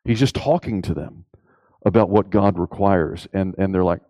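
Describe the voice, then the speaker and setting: A man preaching a sermon emphatically, asking rhetorical questions and rising in pitch on key points. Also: moderate pace, mellow, dry recording, highs cut off.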